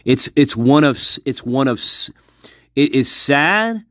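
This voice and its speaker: A man's voice: medium pitch, lively intonation, slow, a bit bright, dry recording, clean studio sound. A man talking to his viewers in a casual monologue, speculating intensely, repeating himself and swearing often. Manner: intense, repetitive, profane speculation. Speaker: online commentator.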